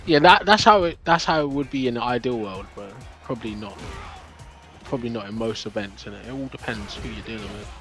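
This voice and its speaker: A man chats with his stream viewers in a loose, rambling way, restarting his sentences and filling gaps as he goes. His voice sits at an ordinary middle pitch, and soft music plays faintly behind him. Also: expressive, brisk. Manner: loose and chatty, many fillers and restarts. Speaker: live streamer. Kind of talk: casual chat with viewers.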